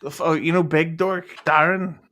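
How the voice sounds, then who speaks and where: A man from Ireland chatting casually on a live stream, crude and quick-witted. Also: on the high side, fairly even intonation, sharp tone. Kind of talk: casual chat.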